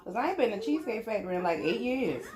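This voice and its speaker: A woman's voice: on the high side, big pitch swings, fast, darkish tone. A young woman chatting casually while she eats, humming and talking with food in her mouth. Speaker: mukbang vlogger. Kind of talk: casual eating vlog.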